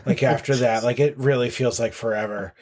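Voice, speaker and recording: A man's voice: medium pitch, fairly even intonation, brisk, a little mellow. A man, a podcast guest telling a long story casually, full of fillers and restarts. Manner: rambling with many fillers and restarts. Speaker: podcast guest, marathon runner.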